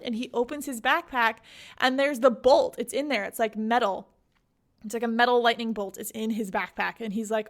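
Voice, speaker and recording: A woman's voice: a little high, fairly quick. A woman hosting a podcast, recapping a book in a casual, giggly way with lots of "like". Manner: chatty, giggly, heavy use of "like". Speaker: podcast host.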